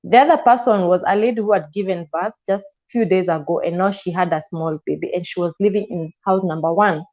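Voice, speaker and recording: A woman's voice: fairly low pitch, fairly quick, darkish tone. Kenyan woman guest, emotional storyteller who voices the people in her account, slightly muffled lo-fi sound. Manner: emotional, acts out quoted dialogue. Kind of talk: personal storytelling in an interview.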